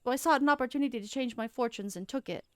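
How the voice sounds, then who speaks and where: A woman's voice: fairly high pitch, racing, no echo, studio quality, voice pushed up, close to an everyday voice. A woman voicing a treacherous, greedy male soldier who panics and pleads, reading game dialogue aloud on stream. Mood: defensive. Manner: panicky pleading, then gloating.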